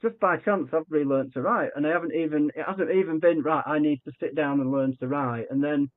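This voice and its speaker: A man telling a story on a narrow, tinny line that sounds like a phone call. His voice sits a little high for a man, and he acts out every quoted line with lots of restarts and false starts. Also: fairly quick. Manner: animated, acts out quoted dialogue, frequent restarts. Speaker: podcast guest. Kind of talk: conversational storytelling.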